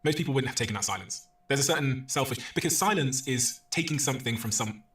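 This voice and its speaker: A man hosting a podcast interview, speaking in a fast, analytical, enthusiastic way. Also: mid-range voice, lively intonation, fairly bright tone, far from the mic. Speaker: podcast host. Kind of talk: interview and sponsor read.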